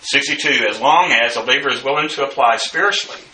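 A man teaching the Bible verse by verse, in a slow, deliberate lecturing manner with frequent fillers. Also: mid-range voice, sharp tone. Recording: echoey room, mic at a distance.

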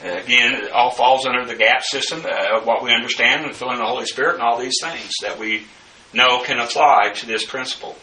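Bright-voiced male Bible teacher, roomy distant sound. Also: medium pitch, a little hiss or hum. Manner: slow, deliberate lecturing with frequent fillers. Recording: echoey room, mic at a distance.

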